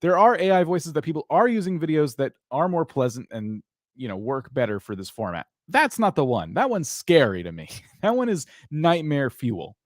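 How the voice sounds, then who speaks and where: A man hosting a live-stream of channel reviews, giving opinionated critiques with jokes and animated asides. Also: fairly high pitch, normal speed, dry recording, studio quality.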